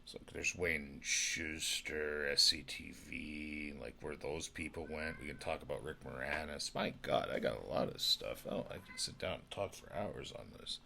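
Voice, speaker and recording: A man's voice: rumbling low, normal speed, vocal fry, hardly any pauses, bright, forceful tone, slight background noise. A man, drunk, telling rambling profane stories as a podcast host, from Alberta in Canada. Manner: rambling, profane, laughing asides.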